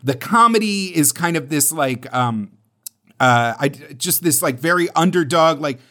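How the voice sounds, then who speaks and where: A man's voice: on the high side, animated, normal speed, a bit bright. A man co-hosting a podcast, chatting casually and rambling with lots of fillers and restarts. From United States. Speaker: podcast co-host.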